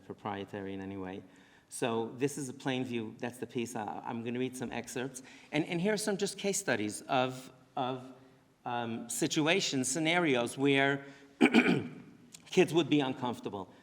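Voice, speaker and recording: Rabbi lecturing to a congregation, earnest and self-correcting, mid-pitched man, long hall echo. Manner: earnest, talks in restarts and asides. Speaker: rabbi giving a presentation. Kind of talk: lecture to parents. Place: synagogue hall.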